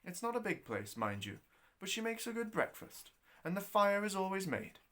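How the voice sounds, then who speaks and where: A man's voice: high voice, very animated, normal speed, pushed and bright, pitched above the performer's own voice, heavily acted. A man voicing a helpful young Scottish porter who speaks plainly and gives directions. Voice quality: plain-spoken and obliging.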